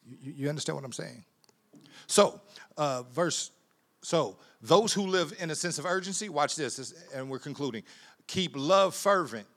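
A male preacher with a bright, forward voice pitched a little high. He talks to the congregation like a friend, stumbles over repeated words, laughs easily, and jumps from hushed asides to loud, emphatic bursts when he reads scripture. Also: lively intonation, normal speed. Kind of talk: sermon.

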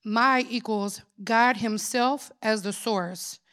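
A woman lay preacher with a mid-range voice speaks at a moderate pace, delivering a sermon in an earnest, prayerful manner that blends scripture with personal testimony.

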